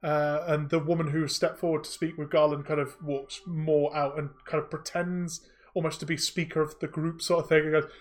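A man's voice: a little high, little pitch movement, normal speed. A man narrating a tabletop game as game master, hesitant and full of restarts. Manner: hesitant, many fillers and restarts.

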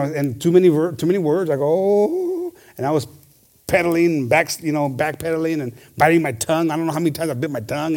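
A man preaching a lively sermon, switching between Spanish and English and shouting for emphasis. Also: a little high. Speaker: pastor. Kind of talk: bilingual sermon.

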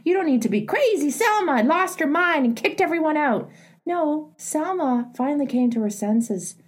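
A woman's voice: high-pitched, lively intonation, normal speed. A middle-aged woman hosting an advice show, earnestly coaching a caller in a plainspoken, emphatic way.

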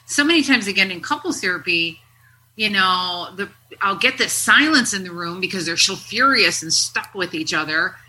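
Woman therapist host: bright, lively storyteller, casual swearing. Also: mid-range voice, moderate pace, low-quality recording. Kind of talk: casual podcast chat.

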